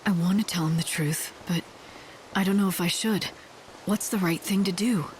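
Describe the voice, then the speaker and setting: An actress playing a calm, earnest young game heroine who speaks in a measured, soft way. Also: female voice, fairly low pitch, a little hiss or hum, lightly acted. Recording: game audio over clear music.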